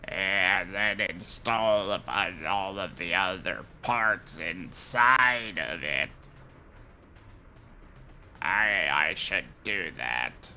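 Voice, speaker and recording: Very slow, bright-voiced man gaming. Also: deep voice, animated, faint music behind. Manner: narrating his own steps aloud. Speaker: game player. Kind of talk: casual gameplay commentary.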